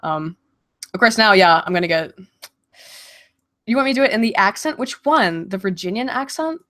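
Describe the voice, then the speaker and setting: A woman casually chatting on a livestream Q&A, getting over a cold and clearing her throat, laughing often and swearing freely. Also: mid-range voice, expressive, normal speed, a bit bright. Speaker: streamer answering viewer questions.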